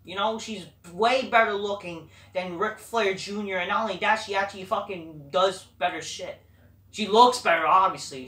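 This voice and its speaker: A woman's voice: fairly low pitch, a bit bright, far from the mic. A woman giving a blunt, profane, rambling recap of a wrestling show. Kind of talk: casual ranting recap. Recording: echoey room, away from the mic.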